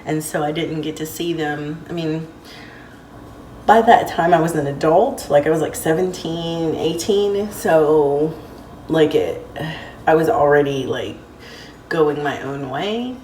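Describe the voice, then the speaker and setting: A woman's voice: low-pitched, unhurried, a little mellow, a little hiss or hum. Rambling, heartfelt woman in a roomy space. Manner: rambling, heartfelt, many fillers. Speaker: vlogger. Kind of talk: casual storytelling vlog. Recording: roomy, distant mic, faint ambience.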